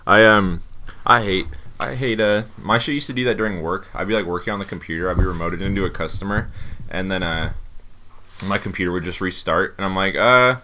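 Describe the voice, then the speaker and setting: A man's voice: low-pitched, fairly even intonation, fairly quick, bright, forceful tone. A man co-hosting a podcast, telling rambling stories in crude, casual banter and swearing a lot. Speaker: podcast co-host.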